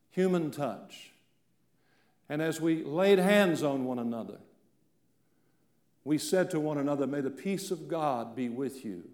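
Man, pastor, sermon, from central Appalachia, loud-to-whisper swings, roomy church echo. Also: a little high. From central Appalachia, Virginia and eastern Kentucky. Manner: dramatic swings from loud declaration to hushed near-whisper. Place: church sanctuary. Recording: echoey church room.

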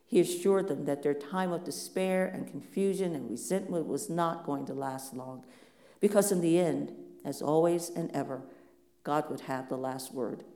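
A pastor preaching a sermon in a measured, reflective way, asking many rhetorical questions. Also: mid-range voice, dark tone, echoey room.

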